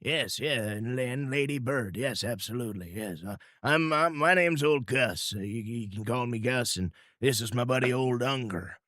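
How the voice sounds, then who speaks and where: A man's voice: medium pitch, moderate pace, few pauses, fairly bright tone, dry recording, clean studio sound, voice pushed up, lightly acted. A man voicing a folksy old frontiersman in a coonskin hat who rambles and talks in a homespun way.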